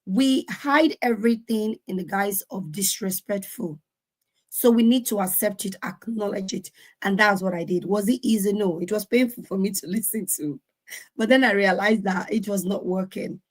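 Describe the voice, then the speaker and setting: A woman's voice: medium pitch, moderate pace. A woman in her forties, speaking earnestly on a video call about her own parenting and acting out the lines of others. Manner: earnest, animated, acts out quotes. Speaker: conference speaker. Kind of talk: sharing personal parenting story.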